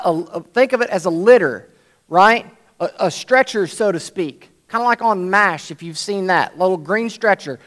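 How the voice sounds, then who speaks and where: Male preacher with a high voice, animated storytelling sermon that acts out each scene.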